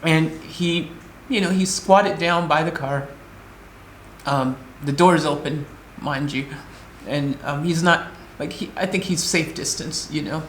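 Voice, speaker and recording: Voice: mid-range voice, a little slow, roomy sound, a little hiss or hum. A shaken vlogger rambling through an upsetting story and acting out the other people's lines in quoted voices. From United States. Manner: animated retelling with quoted voices, rambling restarts. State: emotionally shaken. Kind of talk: emotional storytelling vlog.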